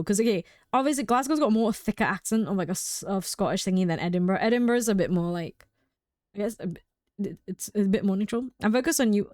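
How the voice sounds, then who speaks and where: A woman's voice: mid-range voice, darkish tone, dry recording, studio quality. A young adult woman streaming a game live, rambling and chatting casually with frequent laughs.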